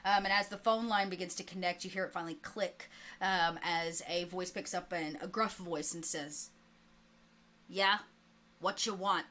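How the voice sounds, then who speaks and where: A woman narrating as game master of a tabletop game, relaxed and laughing often. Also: fairly low pitch, moderate pace.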